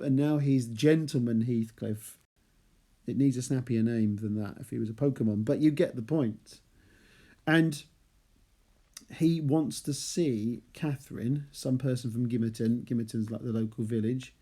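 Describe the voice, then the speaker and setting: In a mellow, mid-range voice at normal speed, a male literature teacher leads a chapter analysis lesson. He reads passages aloud and explains them chattily, adding playful asides.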